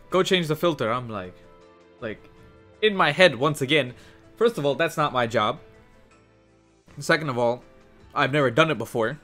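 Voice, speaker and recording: A young man casually telling a work story for his gaming channel, animated and cursing, acting out the other people in shifting voices. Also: mid-range voice. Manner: animated, swears, acts out quotes in shifting voices. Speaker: gaming youtuber. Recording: faint music underneath.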